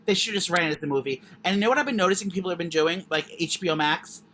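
A young man co-hosting a podcast, rambling through casual chat with lots of fillers and restarts. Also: sits high. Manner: rambling, fast, animated, many fillers. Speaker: podcast co-host. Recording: faint background noise.

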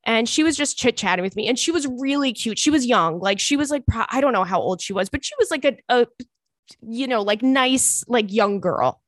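A woman's voice: a little high, moderate pace, no echo, clean studio sound. A woman, telling a story in casual chat as podcast host and acting out the people in it. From Long Island, New York. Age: 30s. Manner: animated, acts out voices in anecdotes.

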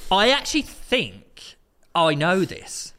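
His high, sharp-toned voice swoops wildly in pitch, and he takes his time speaking. As co-host of a laid-back football podcast, he reads out stories sent in by listeners and runs a quiz, laughing frequently.

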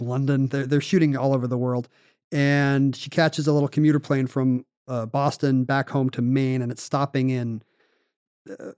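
A man co-hosting a podcast, telling a story in casual chat with animated, quick bursts. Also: mid-range voice, clear, resonant tone, dry recording, clean studio sound. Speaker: podcast co-host.

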